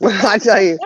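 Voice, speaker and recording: Hosting a live chat show, this woman tells stories in a relaxed, chatty way and breaks into laughter frequently. Her voice sits in the mid range, and the dull, dry, lo-fi recording carries a little hiss or hum.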